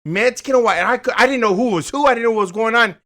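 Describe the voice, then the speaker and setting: A man's voice: extremely high pitch, racing, sharp tone. A man, telling a story in casual chat, acting out the voices and swearing freely. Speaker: co-host.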